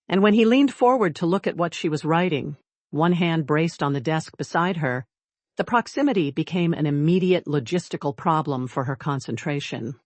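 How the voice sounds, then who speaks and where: An audiobook narrator tells the story in a measured, wry voice. The pitch sits in an ordinary middle register. The recording is close and dry, with no room echo.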